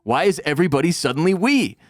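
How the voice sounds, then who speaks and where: A man's voice: on the high side, very animated, quick pace, no echo, clean studio sound, pitched above the performer's own voice. A man imitating an exasperated, foul-mouthed woman who fires off blunt, incredulous questions. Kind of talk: acted quote in a podcast recap.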